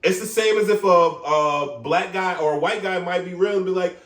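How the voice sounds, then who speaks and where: A young man with a New York accent, a barber vlogging an animated, profane rant into his phone, repeating "you get what I'm saying". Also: high-pitched, normal speed, hardly any pauses, roomy sound, recorded from a distance. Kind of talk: casual vlog rant. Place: his room at home.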